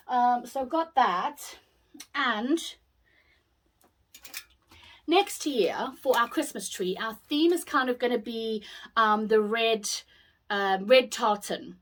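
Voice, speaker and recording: British lady doing a haul vid, kinda high voice, chatty and gushy about everything. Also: expressive, takes it slowly, a bit bright. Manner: chatty, gushing, exclaims over items. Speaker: haul vlogger. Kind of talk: casual haul video chat.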